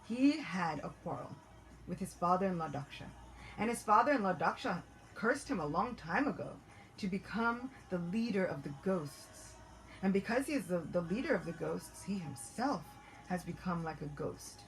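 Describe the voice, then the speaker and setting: A woman voicing a charming, persuasive young male priest who coaxes with soft hesitant asides. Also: fairly low pitch, lively intonation, normal speed, rough recording. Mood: sly. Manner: smooth, coaxing, hesitant fillers.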